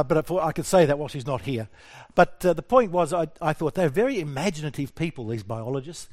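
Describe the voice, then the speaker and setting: Lively Australian man telling stories. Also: on the high side. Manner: lively, self-deprecating, asks the audience questions. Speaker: speaker addressing an audience. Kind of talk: humorous personal storytelling talk.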